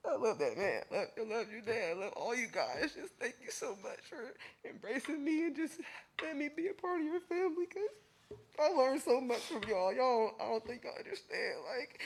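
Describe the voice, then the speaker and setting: A tearful man giving an emotional eulogy as a family friend at a funeral, his voice breaking and his speech halting and full of fillers. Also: extremely high pitch, sing-song, husky.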